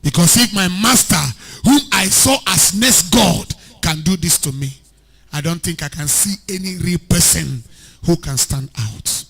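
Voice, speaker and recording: A man preaching an animated sermon as a pastor, rising to shouts at times. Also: sits high, measured pace, slightly rough. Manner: animated preaching, shouting at peaks, mixing in Pidgin.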